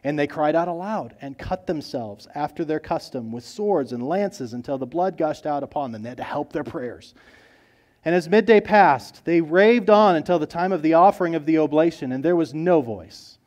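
A man preaching a sermon in a fairly high-pitched voice. He talks earnestly, rising loud on key points and then dropping to quiet, low asides. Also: lively intonation, moderate pace. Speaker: pastor.

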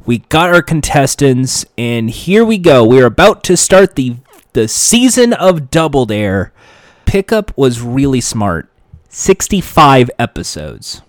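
A man narrating a story in a comedic way, animated and jokey, with self-correcting asides. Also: mid-range voice, no room sound, clean studio sound.

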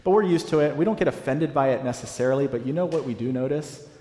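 A man in his thirties, a pastor giving a conversational sermon, repeating key phrases slowly for emphasis, in a church sanctuary. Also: mid-range voice, warm tone. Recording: echoey hall with long reverb.

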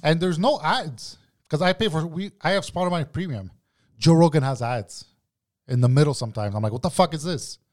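A man in his thirties in a casual podcast chat, telling stories with lots of swearing and getting loud when worked up. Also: on the high side, fairly quick.

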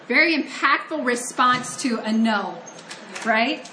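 A woman's voice: on the high side, unhurried, fairly bright tone, roomy sound, a little hiss or hum. A woman from Ohio giving a conversational, earnest sermon that mixes scripture reading with personal storytelling. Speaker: preacher.

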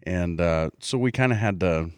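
A man's voice: deep voice, moderate pace, smooth, no echo. A middle-aged man from Oklahoma chatting casually as co-host, joking and earnest by turns. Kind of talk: casual chat.

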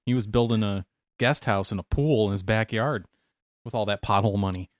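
A man's voice: lowish voice, a little fast. A man co-hosting a casual talk show, cracking jokes and laughing often. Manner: joking, laughs a lot, jumps in with wisecracks. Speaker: podcast co-host. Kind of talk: casual chat.

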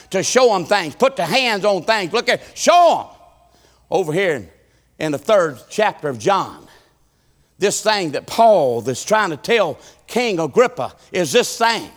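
A man, preaching a sermon in church, swinging between shouted appeals and low, folksy asides. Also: big pitch swings, normal speed. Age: 50s. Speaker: pastor.

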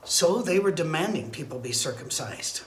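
Man, pastor, informal Bible teaching, conversational, restarts, fairly high voice, roomy echo, faint ambience. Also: lively intonation, normal speed, slight background noise. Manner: conversational, digressive, with fillers and restarts. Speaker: pastor leading Bible study.

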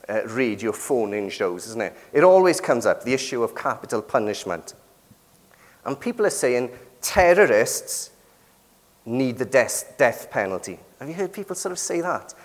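A middle-aged man with a British accent preaching a sermon in a conversational way, often asking the congregation questions. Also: medium pitch. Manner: conversational, asks the congregation questions with frequent tag questions. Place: church. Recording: long reverb of a church hall.

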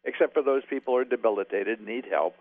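Man, low voice, blunt opinionated co-host, tinny phone-line sound, dry. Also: fast talker, no echo. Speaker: radio show co-host. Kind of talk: casual radio chat.

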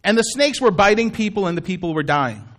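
High-voiced pastor preaching casually. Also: male voice, lively intonation, fairly quick, a bit bright. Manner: conversational storytelling, asides to the congregation. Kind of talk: sermon.

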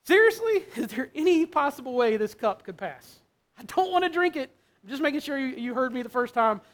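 An agitated, high-pitched man pleads desperately in prayer, as a preacher acts him out. The tone is raw and anguished throughout. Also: very animated, fairly quick. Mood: anguished pleading.

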